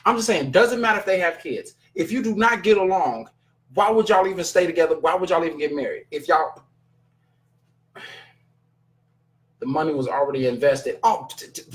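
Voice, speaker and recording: A man with a high-pitched, slightly bright voice hosts his own casual stream, reading chat and speaking directly to his viewers. His commentary is a blunt, profane rant, and he sounds thoroughly exasperated.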